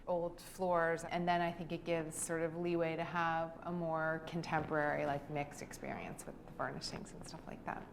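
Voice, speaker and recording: A middle-aged woman giving a relaxed, gushing tour of her house, talking about its design and furnishings. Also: sits low, moderate pace, hardly any pauses. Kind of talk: video house tour narration.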